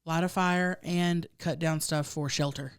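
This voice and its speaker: A woman's voice: low-pitched, fairly even intonation, unhurried, clear, resonant tone. A woman co-hosting a podcast, bubbly and crude in casual chat. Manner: bubbly, laughing, crude humor. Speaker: podcast co-host.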